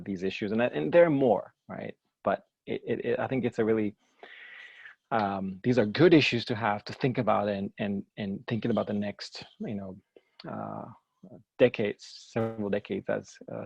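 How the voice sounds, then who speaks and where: A man's voice: on the low side, vocal fry, a little mellow, slightly rough, no room sound, muffled recording. A man presenting at a journal club in a casual academic discussion, thinking aloud with many fillers and restarts. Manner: thoughtful, many fillers and restarts, light laughs.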